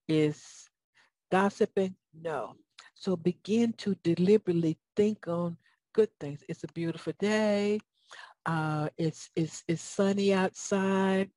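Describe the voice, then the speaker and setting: A woman's voice: fairly low pitch, darkish tone, no room sound. A woman with a Southern US accent giving a motivational talk, folksy and preacherly, often asking her audience questions. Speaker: motivational speaker.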